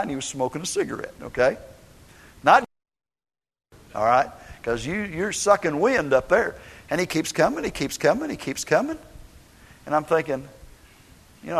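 A middle-aged man preaching a sermon, telling personal stories in an animated way and acting out the quotes. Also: sits high, moderate pace, vocal fry. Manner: animated storytelling, acts out quotes. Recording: long hall reverb.

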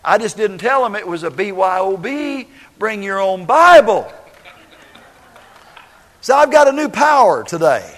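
High-voiced storytelling preacher in a hall. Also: male voice, normal speed, few pauses. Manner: animated storytelling, acts out quotes. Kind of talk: sermon with personal testimony. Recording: long hall reverb.

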